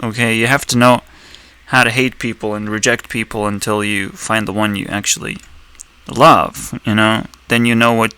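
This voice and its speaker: A man's voice: lowish voice, fairly even intonation, normal speed, bright, forceful tone, clear, resonant tone. A man giving casual reaction commentary, rambling and profane, and laughing often. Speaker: video commentator.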